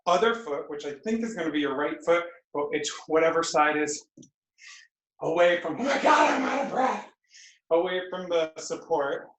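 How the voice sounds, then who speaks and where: Lady teaching a workout class on a video call, slow steady counting, roomy echo. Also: on the low side. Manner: brisk counting and cueing, playful asides. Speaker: fitness instructor. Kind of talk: live online exercise class. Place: home room on a video call. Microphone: computer mic on a video call. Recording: echoey room.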